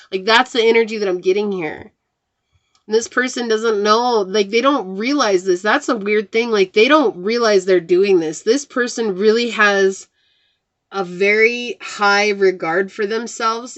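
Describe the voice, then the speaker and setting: A woman giving a casual tarot reading to her viewers, chatty and talking straight to them as guys and y'all. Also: mid-range voice. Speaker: tarot reader.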